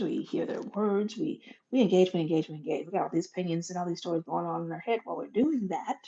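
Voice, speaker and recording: A woman hosting a motivational monologue in a folksy, animated way, swinging from loud bursts to soft whispers. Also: fairly low pitch. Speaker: podcast host. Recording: dull lo-fi recording.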